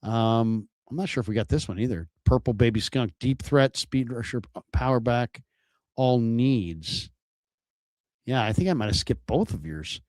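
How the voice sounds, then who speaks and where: A man's voice: mid-range voice, normal speed, darkish tone, no echo. A man hosting a sports talk show, chatting casually and reading viewer messages while musing aloud with lots of rhetorical questions.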